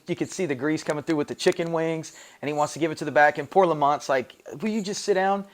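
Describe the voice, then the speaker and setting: Animated man recapping episodes. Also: a little high. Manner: animated, laughing, acts out quoted lines. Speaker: host of a classic TV show recap channel. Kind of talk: casual enthusiastic recap talk.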